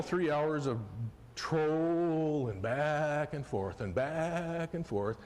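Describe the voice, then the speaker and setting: A middle-aged man telling a personal fishing story on a festival stage, folksy and animated, swinging from hushed to loud excitement. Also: medium pitch, slight background noise. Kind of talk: live storytelling performance. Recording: live hall recording with long reverb, faint ambience.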